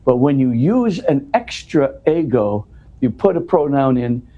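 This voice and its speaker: A man's voice: medium pitch, very animated, unhurried, muffled recording. A man speaking as an interview guest, explaining at length in an earnest, conversational way and often restarting his words.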